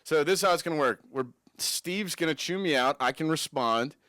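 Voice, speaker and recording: Eager man pitching a plan, dry mic. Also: a little fast, sharp tone, no echo. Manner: eager, keeps steering the talk back to his plan. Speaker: podcast co-host. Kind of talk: casual podcast banter.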